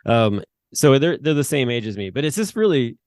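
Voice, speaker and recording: This thirtysomething podcast co-host talks in a loose, rambling way, full of filler words and false starts. His medium-pitched voice swings widely in pitch, comes out brisk, and has a slightly mellow quality. The audio is studio grade with no echo.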